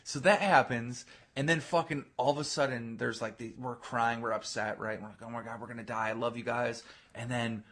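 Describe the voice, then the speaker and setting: A man hosting a podcast, telling a story in casual, profane chat, acting out other people's voices loudly. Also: mid-range voice, steady tone, brisk. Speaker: podcast host.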